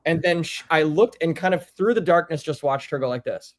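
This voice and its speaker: A man casually telling a story in a group chat, acting out quoted lines with big swings in voice. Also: a little fast. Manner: animated, acts out quotes with big pitch swings.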